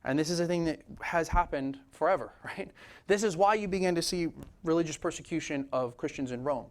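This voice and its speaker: A man delivers a sermon from the pulpit in a loose, conversational way. His voice sits somewhat high, and he keeps slipping into casual asides and lively retellings. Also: brisk. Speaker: pastor. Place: church sanctuary.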